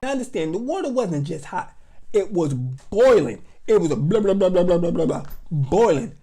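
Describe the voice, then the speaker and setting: A man telling a funny story from his own childhood, animated and dramatic. He leans on slang and sudden outbursts while he tells it. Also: high voice, moderate pace, background noise. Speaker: vlogger. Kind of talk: comic storytime.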